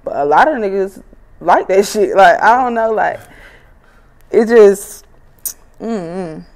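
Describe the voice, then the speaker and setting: A woman's voice: mid-range voice, lively intonation, takes it slowly, darkish tone. A woman of twenty-five, a rapper, chatting casually and bluntly in an interview, swearing freely and laughing as she tells stories. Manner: blunt, profane, laughs while telling stories.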